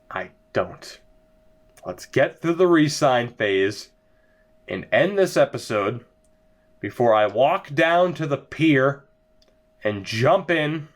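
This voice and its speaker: A young man giving sarcastic, exasperated commentary over a hockey video game as he plays. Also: mid-range voice. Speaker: gaming video creator. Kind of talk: let's-play commentary.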